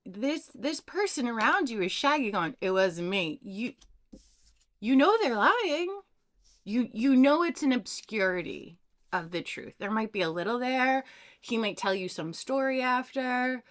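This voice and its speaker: A woman doing a pick-a-card tarot reading, talking casually and telling a story from her own life. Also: a little high. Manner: chatty, animated, tells personal stories. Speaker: tarot reader.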